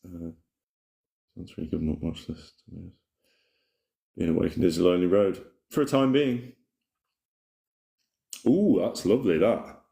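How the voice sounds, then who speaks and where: A man's voice: deep voice, a little slow, vocal fry, long pauses, warm tone. A man hosting a casual spiritual livestream, rambling in a laid-back way and reading viewer comments aloud. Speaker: livestream host. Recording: roomy echoey room.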